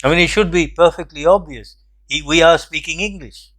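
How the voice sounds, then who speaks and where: An older man hosting a commentary show, telling a personal anecdote in a measured, reflective way. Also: fairly high pitch, a bit bright. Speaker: host. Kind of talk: storytelling commentary.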